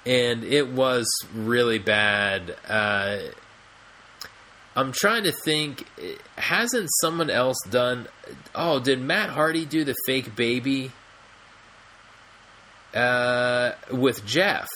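Slow-talking, rambling podcast man. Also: medium pitch, bright, forceful tone, slight background noise. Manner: rambling, many fillers and restarts. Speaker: podcast co-host. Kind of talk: casual chat.

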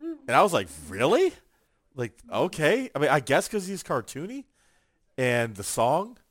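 A man chatting casually on a podcast, his pitch swooping up and down as he acts out quotes from his stories. The sound is dry and close, with no room echo. His storytelling is lively and vivid. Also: a little slow. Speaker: podcast co-host. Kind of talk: casual chat.

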